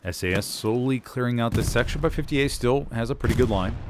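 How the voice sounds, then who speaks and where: A man's voice: mid-range voice, a little fast. Man calling a game over gunfire. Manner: self-deprecating, chatty play-by-play. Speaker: esports caster. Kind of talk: live game commentary. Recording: game noise behind the voice. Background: gunfire, artillery and vehicles from the game.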